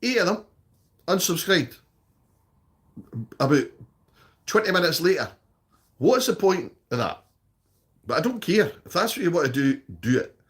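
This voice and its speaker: A man's voice: high-pitched, sing-song, unhurried, pauses often, fairly bright tone. A Scottish man chatting casually on a live stream, reading out viewer comments and answering them. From Scotland.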